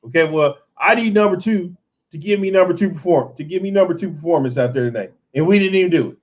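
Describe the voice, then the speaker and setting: Exasperated fan host, lo-fi sound. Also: male voice, high voice, fast talker. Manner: animated, exasperated, joking. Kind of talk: casual sports chat with highlight commentary.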